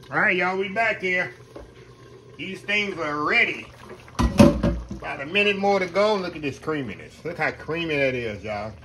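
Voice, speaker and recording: A man's voice: fairly high pitch, bright, forceful tone. A man, chatting casually as he cooks at home and calls his viewers "y'all". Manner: folksy, talks to viewers as y'all. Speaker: home cook. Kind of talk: casual cooking video chat.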